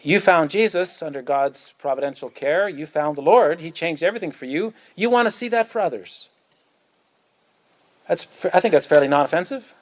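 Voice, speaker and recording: Emphatic, fairly high-voiced male pastor preaching. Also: animated, moderate pace. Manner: emphatic, repetitive, declamatory. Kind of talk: sermon. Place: outdoors at a church picnic.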